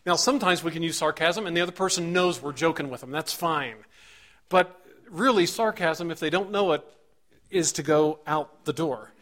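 A man's voice: on the high side, normal speed, a bit bright. A middle-aged male pastor preaching a sermon in an earnest manner, acting out short examples and building emphasis as he goes.

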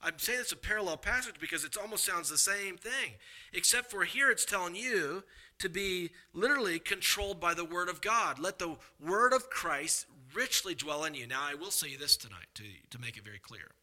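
A man preaching a sermon as pastor, earnest and emphatic, swinging between loud emphasis and quiet asides and often restarting his sentences. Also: sits high, animated, a little fast, poor audio. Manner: repeats words and restarts mid-sentence.

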